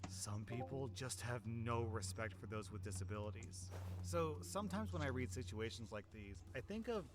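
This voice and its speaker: A young man reading online stories aloud, adding sarcastic, animated asides between them. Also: mid-range voice, moderate pace. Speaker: Reddit story narrator. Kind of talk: reading online posts with commentary.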